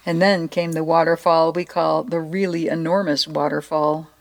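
Woman storyteller, slightly low pitch, playful expressive read-aloud. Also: moderate pace, creaky. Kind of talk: storybook narration and short devotional.

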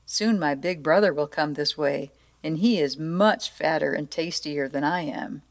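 Middle billy goat, male, polite and clever, calm coaxing, as a woman reads him. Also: low-pitched, measured pace. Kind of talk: storybook read-aloud.

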